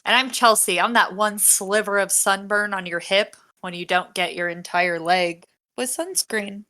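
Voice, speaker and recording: A woman's voice: mid-range voice, normal speed, sharp tone. A young woman co-hosting a podcast, bantering in a chatty, casual way. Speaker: podcast co-host. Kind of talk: casual chat.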